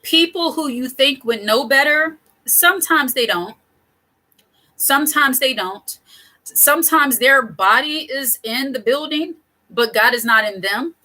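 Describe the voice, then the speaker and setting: A woman's voice: high voice, a little slow, sharp tone, low-quality recording. A middle-aged woman hosting her own channel, giving casual advice straight to camera in a chatty, digressive way with frequent laughs. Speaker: channel host.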